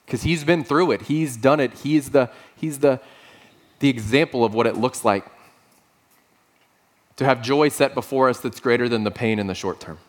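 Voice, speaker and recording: A man preaching a sermon to a congregation, rising and falling sharply in pitch, with humorous stories told in deadpan quoted lines. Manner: lively preaching with sudden pitch leaps and quiet asides. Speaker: pastor.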